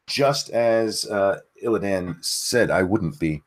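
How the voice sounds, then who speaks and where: A man co-hosting a casual news livestream, talking haltingly with many fillers. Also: deep voice. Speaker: co-host.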